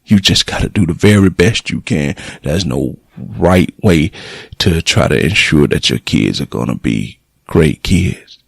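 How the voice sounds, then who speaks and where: Deep gravelly man telling a story. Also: lively intonation, unhurried, no echo, studio quality. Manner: emotional, plainspoken, blunt with cursing. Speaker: radio show host. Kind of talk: personal storytelling monologue.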